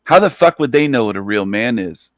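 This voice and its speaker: A man's voice: mid-range voice, animated, a little fast, no room sound. Dry-voiced man ranting emphatically. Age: adult, past twenties. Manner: emphatic, profane, repetitive. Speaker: online radio host. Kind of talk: ranting monologue.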